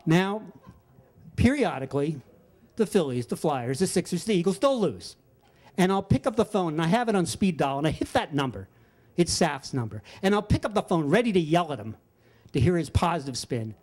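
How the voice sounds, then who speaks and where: A man's voice: fairly high pitch, moderate pace. An older man telling a personal story live at a story slam, animating the quoted voices of people around him. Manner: animated, acts out quoted friends with voice shifts.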